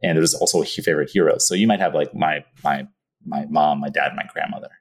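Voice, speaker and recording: A man telling a story in an interview, animated, acting out his own past thoughts and laughing often. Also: extremely low pitch, quick pace, slightly rough. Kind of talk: casual anecdote in an interview.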